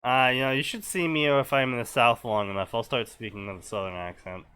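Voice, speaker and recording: A man co-hosting a comedy stream, reading fanfiction aloud with sarcastic commentary and sudden loud outbursts. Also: medium pitch, steady tone, a little fast, clean tone.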